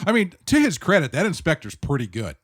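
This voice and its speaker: A man co-hosting a podcast, telling relaxed anecdotes about films with lots of fillers. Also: a little high, a little fast, a little hiss or hum. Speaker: podcast co-host. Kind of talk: casual film discussion.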